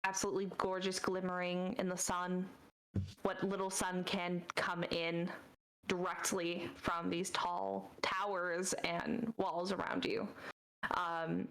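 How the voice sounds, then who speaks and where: A woman's voice: on the low side, fairly bright tone, low-quality recording. Casual woman narrating a tabletop game. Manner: casual, descriptive, many "um"s. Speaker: dungeon master.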